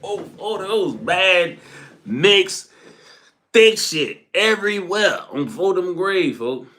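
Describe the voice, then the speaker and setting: A young man telling a casual, profane storytime, animated and full of street slang, laughing and acting out what people said. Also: sits high, takes it slowly.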